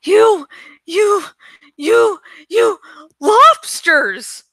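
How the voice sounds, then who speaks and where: A terrified housewife shrieking in high, piercing bursts, as a woman reads her aloud. She stammers through her panic in a bright, sharp voice, recorded dry and close for an audiobook reading. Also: extremely slow, no room sound. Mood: screaming, panicked. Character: terrified adult woman screaming in her kitchen.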